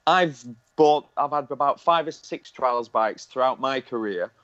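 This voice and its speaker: A man's voice: mid-range voice, a little slow, a bit bright, no echo, lo-fi sound. A man with a Lancashire accent, a co-host chatting casually and teasing, self-deprecating and jokey. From Lancashire, England. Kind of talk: casual banter.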